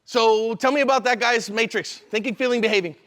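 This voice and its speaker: Man, instructor, live seminar, energetic, conversational, high-ish voice, hall echo. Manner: energetic, conversational, quick asides. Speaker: self-defense instructor.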